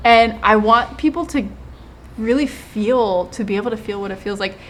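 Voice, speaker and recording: A woman in casual conversation, chatty and animated, describing the retreat she hosts. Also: on the high side, normal speed, a little hiss or hum. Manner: chatty, animated when quoting others. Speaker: retreat host and channel co-host. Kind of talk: casual chat. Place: lives in Hawaii.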